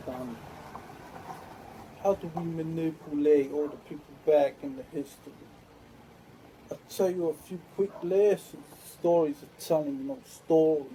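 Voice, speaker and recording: A man's voice: fairly high pitch, dark tone, slight background noise, low-quality recording. A man delivering a rambling monologue to camera, drifting through loose stream-of-consciousness musings.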